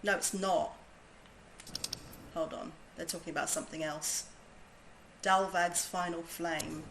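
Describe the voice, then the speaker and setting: A woman's voice: fairly low pitch, steady tone, measured pace, a bit bright, a little hiss or hum, rough recording. A woman from southern England with a southern English accent, chatting bubbly and casually with viewers while she streams a game. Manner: chatty, bubbly, laughs easily. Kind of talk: casual gaming stream chat.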